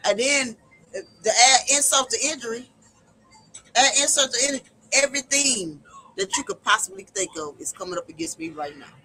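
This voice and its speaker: A woman's voice: a little high, expressive, fairly quick, sharp tone, breathy edge, rough recording. A woman hosting a livestream, giving impassioned, preacherly personal testimony about hard times and faith. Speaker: livestream host.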